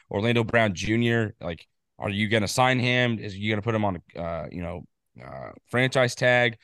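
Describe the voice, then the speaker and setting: A man co-hosting a casual football podcast, rambling excitedly with quick asides. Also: medium pitch, clean tone, no echo, studio quality. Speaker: podcast co-host. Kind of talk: casual sports chat.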